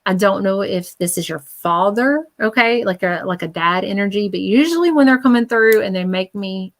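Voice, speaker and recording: A woman's voice: medium pitch, normal speed. Chatty woman giving a psychic reading. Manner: chatty, reassuring, many fillers. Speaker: psychic medium. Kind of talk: live spirit reading.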